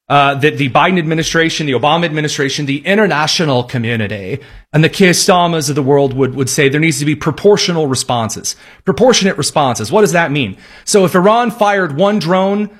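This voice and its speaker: A man's voice: on the high side, fairly bright tone. A man hosting a political commentary show, delivering the news with wry, sarcastic, mock-folksy asides. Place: studio, also aired on radio.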